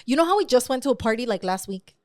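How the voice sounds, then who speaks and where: A young woman co-hosting a podcast, telling stories in an animated, casual way, full of swearing and slang. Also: fairly high pitch, fast, no echo, clean studio sound. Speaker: podcast co-host. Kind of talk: casual chat.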